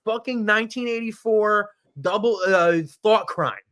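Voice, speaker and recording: Male podcast co-host, bright voice, sarcastic and swearing often. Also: high-pitched, a little slow. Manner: sarcastic, profane, animated. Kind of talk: casual profane chat.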